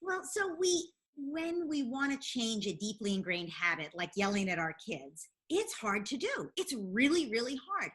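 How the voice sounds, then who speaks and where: Higher-voiced woman explaining earnestly. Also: big pitch swings, moderate pace, hardly any pauses, fairly bright tone. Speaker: parenting expert guest. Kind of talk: interview answers.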